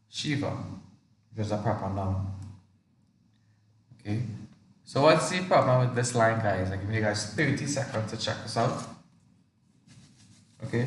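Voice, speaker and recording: Here a man's voice sits on the low side, with slight background noise. As a teacher leading an online revision session for exams, he quizzes students repeatedly and reads sentences out to show intonation, the mic distant and the room echoey.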